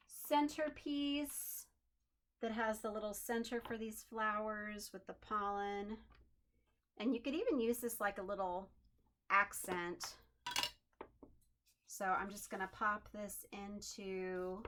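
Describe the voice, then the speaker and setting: A woman's voice: mid-range voice, steady tone, takes it slowly, fairly bright tone, slight background noise. A woman hosting a home craft tutorial, chatting in an upbeat way and thinking aloud as she works at her desk. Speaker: crafting channel host.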